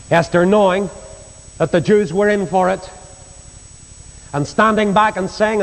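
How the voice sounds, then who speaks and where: An older man with a Northern Irish accent preaching a sermon, telling Bible stories and acting out the voices in them. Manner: storytelling, acts out quoted voices, rises in pitch for emphasis. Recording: long reverb of a hall.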